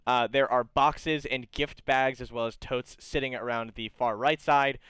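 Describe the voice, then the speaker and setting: A man narrating as game master of a tabletop game, improvising with halting, hesitant phrasing. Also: mid-range voice, steady tone, a bit bright, smooth, dry recording, clean studio sound. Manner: halting, full of fillers and restarts.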